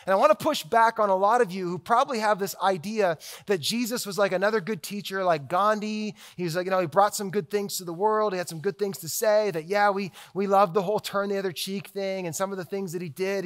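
A man delivering a sermon in a high voice. He talks with emphatic force and builds his points through repeated, stacked phrases. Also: fairly quick, fairly bright tone. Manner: emphatic, with repetitive rhetorical build-ups. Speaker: preacher.

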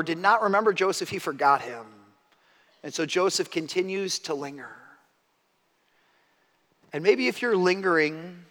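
A middle-aged man preaches a storytelling sermon in a large hall with a long reverb. His voice is bright and slightly high for a man. He drops to hushed asides and builds to loud, emphatic peaks. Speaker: pastor.

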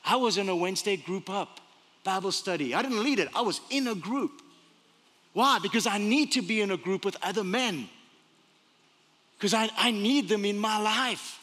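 In a church sanctuary with a long reverb tail, a man delivers a forceful sermon full of rhetorical questions, his high voice sharp in tone.

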